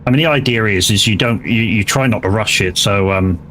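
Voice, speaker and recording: English guy streaming, rambly, swears a lot, lowish voice, bit of game hum behind. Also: a little fast, a bit bright. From England. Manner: rambling, chatty, swears freely. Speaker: gaming streamer. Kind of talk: casual chat while live-streaming a driving game.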